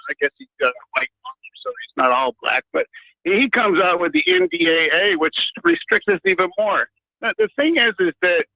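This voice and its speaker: A male radio caller with a gravelly, sharp, bright voice rambles through a heated rant, full of fillers and restarts. The line sounds dry and muffled. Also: a little high, dry recording. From United States.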